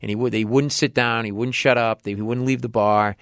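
A man who is a comedian, telling a story in a casual podcast interview and acting out other people with sudden high shouts. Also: steady tone, a little fast, no echo, studio quality.

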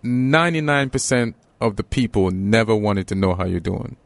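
A man's voice: lowish voice, moderate pace, creaky, no room sound. A man joking in a casual comedic podcast chat, laughing often.

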